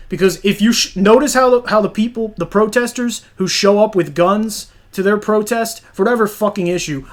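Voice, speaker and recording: A young man rants and argues in a rambling, profane stream, dropping fillers as he goes. His voice sits high for a man. He talks over the other side like a comedic troll. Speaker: channel host arguing with a clip. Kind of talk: heated comedic argument.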